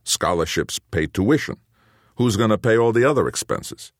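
A man voicing a thick-set, middle-aged father who speaks gruffly and sternly to his son. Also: on the low side, animated, normal speed, dry recording, clean studio sound, voice pushed up.

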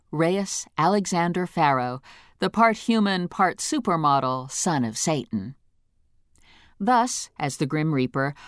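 A woman narrating a story in the first person with a wry, deadpan comic delivery. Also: fairly low pitch, dry recording, studio quality. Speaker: audiobook narrator.

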